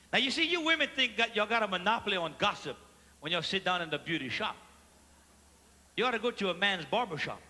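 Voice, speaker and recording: A Cajun man performs stand-up comedy live on a theater stage, telling his jokes in a loud, animated way and acting out the people in them. His voice sits very high and sounds sharp and forceful. The long reverb of a large theater hall hangs behind him. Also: fairly quick, long pauses. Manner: loud and animated, acts out characters in the story.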